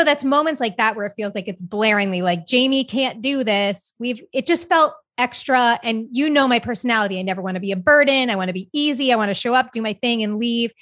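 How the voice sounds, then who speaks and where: A young adult woman co-hosting a podcast, talking in a candid, rambling, expressive way. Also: on the high side, a little fast, no echo, clean studio sound. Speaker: podcast co-host. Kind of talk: casual chat.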